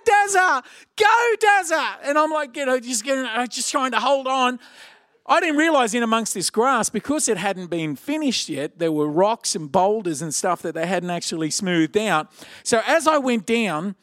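A man preaching a sermon, telling a personal story in an animated way. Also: no echo, clean studio sound. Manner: animated, acts out quotes with shouted high voices.

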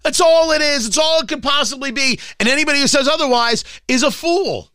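A man's voice: very high voice, a little fast, sharp tone, dry recording, clean studio sound. A male talk radio host delivering a combative, sarcastic political rant.

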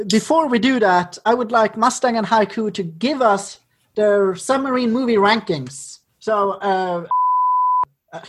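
A woman's voice: medium pitch, a little slow, breathy edge. A woman hosting a podcast in casual chat, moving the talk along, sometimes stammering as she starts. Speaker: podcast host.

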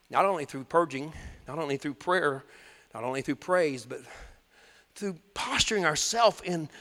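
Man, preacher, high voice, sermon, long hall reverb. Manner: animated preaching, swings from loud to hushed.

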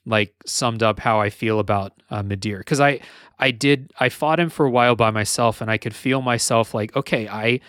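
A man's voice: mid-range voice, normal speed, fairly bright tone, smooth, dry recording, clean studio sound. A man co-hosting a casual gaming podcast, rambling with lots of filler words and restarts. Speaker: podcast co-host.

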